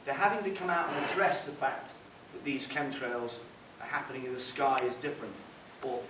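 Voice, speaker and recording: Man, informal talk, wry asides, slightly raised pitch, echoey hall, far-off mic. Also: lively intonation, moderate pace. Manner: conversational, wry, digressive. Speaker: public speaker. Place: meeting hall. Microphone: distant room mic. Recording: roomy hall, distant mic, faint hiss.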